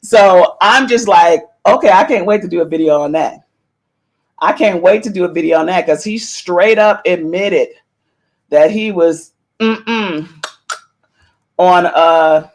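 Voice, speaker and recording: A middle-aged woman hosting a podcast, giving chatty, animated celebrity gossip commentary and playfully meowing her catchphrase. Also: fairly low pitch, unhurried. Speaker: podcast host.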